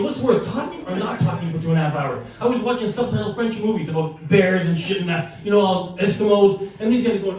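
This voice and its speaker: A man's voice: high voice, fast talker, hardly any pauses, darkish tone, faint music behind. An older man doing brash, profane stand-up storytelling, laughing through his lines. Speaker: stand-up comedian. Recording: echoey room from far off.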